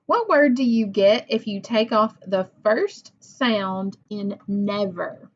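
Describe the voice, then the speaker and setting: Woman teacher, slow patient phonics lesson, sounds out words, encouraging, dull lo-fi recording. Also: medium pitch.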